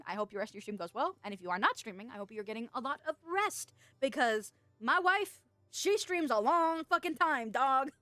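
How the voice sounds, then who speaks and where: Chatty woman streamer, higher voice. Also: pushed and bright, no room sound. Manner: chatty, rambling, swears casually, laughs often. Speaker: VTuber streamer and singer. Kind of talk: casual livestream chat.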